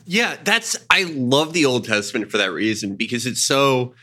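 A man's voice: mid-range voice, big pitch swings, normal speed, pushed and bright. A man in casual conversation, talking animatedly about old stories, swearing freely and acting out quotes. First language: Jewish identity not a language. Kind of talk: casual chat.

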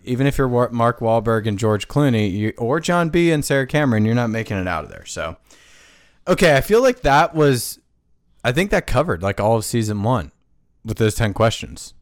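A man chatting on a podcast, his mid-pitched voice dry and close to the mic. He rambles through his stories, breaking into laughs, with restarts and filler words. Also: expressive, moderate pace, dry recording. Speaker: podcast co-host. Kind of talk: casual podcast chat.

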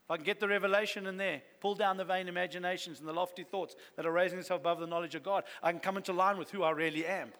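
A man's voice: sits high, steady tone, very fast, few pauses, fairly bright tone. A man pastor preaching a sermon to his church, earnest and building to fervent exhortation. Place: church hall. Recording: long reverb of a church hall.

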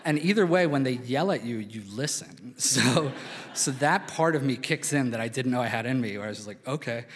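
A man's voice: medium pitch, expressive, brisk, slight background noise. A man from Philadelphia telling a true story on stage in a casual, chatty way, full of "like" and little fillers. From Philadelphia, USA. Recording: reverberant hall, live stage.

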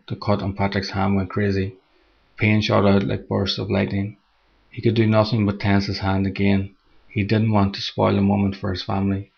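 A man narrating a scripted horror story in a steady, measured reading, on a dull lo-fi recording. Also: on the low side, gravelly.

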